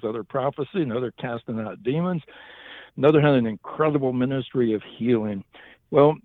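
A man's voice: mid-range voice, no echo. Earnest Southern man on a phone line. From western North Carolina. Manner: earnest, laughs easily. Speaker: guest, ministry director. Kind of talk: casual interview talk.

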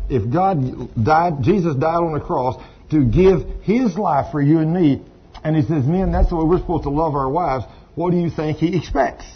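A man with a husky, high-leaning voice preaches, spinning folksy stories and turning aside to speak to the congregation. He is a pastor, captured on a dull lo-fi recording with faint ambience.

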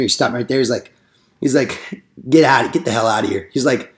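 A man's voice: medium pitch, fairly even intonation, fairly quick. A young man casually telling door-knocking stories, full of slang and swearing, acting out the people he quotes. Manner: rambling storytelling with slang and swearing, acts out quotes. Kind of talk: casual podcast chat.

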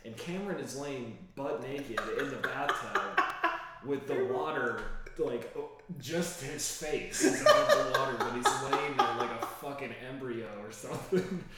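A man's voice: medium pitch, a little slow. A young man co-hosting a podcast, telling crude, profane stories in casual chat and laughing often. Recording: very echoey room with crowd noise.

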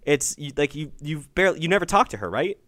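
A man with a slightly high voice hosts a call-in advice show, pushing callers along with blunt, profane encouragement. The sound is close and dry, with no room echo. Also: very animated, quick pace, a bit bright. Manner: encouraging, emphatic, cusses freely.

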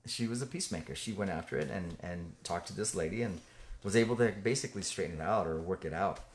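Earnest man teaching in halting speech. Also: sits low. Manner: earnest, halting, with many fillers and restarts. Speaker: ministry co-host. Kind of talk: conversational faith teaching.

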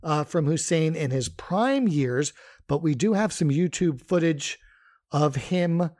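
A man's voice: a little high, animated, a little slow, a little mellow. A man co-hosting a casual podcast, talking in a conversational way with many fillers and restarts. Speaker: podcast co-host. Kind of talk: casual podcast chat about wrestling history.

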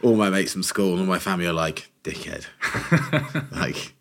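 A man co-hosting a podcast, telling a funny story in a casual, animated way and acting out quotes. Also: deep voice, fast. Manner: animated anecdote teller, acts out quotes.

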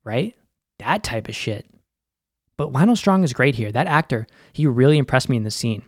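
With an animated delivery at medium pitch and normal speed, a young man recaps a TV episode for a film and TV show. The breakdown is casual and profane, thick with filler words and "like". Clean studio sound, no echo.

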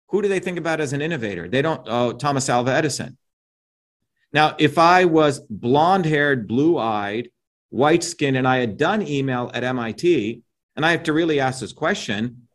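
A man's voice: fairly high pitch, a bit bright. A middle-aged man giving an interview as a guest, talking in an emphatic, lecturing way and often checking in with "right?" and "you see?". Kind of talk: animated opinionated interview talk.

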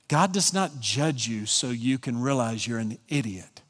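A man from Colorado preaching a sermon as pastor, emphatic and swinging from hushed lines to soaring ones. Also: mid-range voice, moderate pace, hardly any pauses, slightly rough, long reverb tail.

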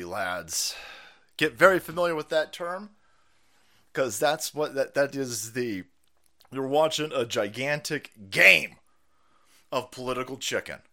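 A man's voice: fairly high pitch, bright, forceful tone. Foul-mouthed ranting male streamer. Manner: foul-mouthed, exasperated, swings between mutters and outbursts. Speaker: political streamer. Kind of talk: profane live-stream rant.

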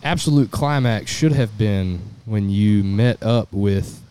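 A man with a mellow, relaxed tone ribs his co-host in casual podcast chat. He teases in a playful way. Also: fairly low pitch, slow pace, clean tone. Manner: teasing, playful ribbing.

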